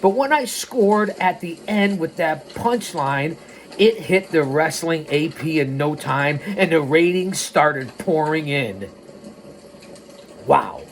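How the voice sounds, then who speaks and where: A male host narrating a story in the first person. He is animated and drifts into tangents and plugs before getting back on track. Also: high-pitched.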